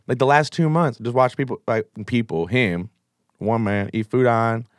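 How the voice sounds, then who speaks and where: A man guesting on a podcast as a musician, talking in a deadpan, mumbling, jokey way. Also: mid-range voice, normal speed, no room sound, studio quality. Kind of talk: casual chat, deadpan bit.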